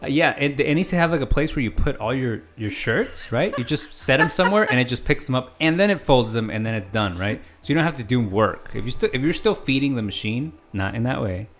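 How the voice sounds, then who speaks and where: A man's voice: mid-range voice, expressive, a little fast, few pauses. Joking, loose-talking male podcast co-host. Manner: loose, joking, swears freely. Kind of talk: casual chat on a live-streamed podcast.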